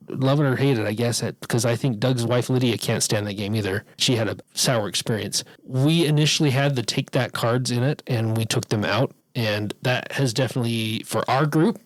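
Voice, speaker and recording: A man's voice: medium pitch, no room sound, rough recording. A man co-hosting a board game podcast, chatting casually, laughing often and restarting his sentences. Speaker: podcast co-host. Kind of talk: casual chat about board games.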